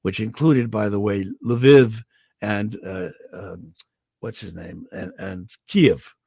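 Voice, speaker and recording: An older man from Indiana, a guest voice actor telling animated stories about his life on a video call. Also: on the low side, slow, creaky, slightly rough, no room sound, studio quality. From Indiana, USA. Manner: animated storyteller, slips into character voices for quotes. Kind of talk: anecdotal storytelling.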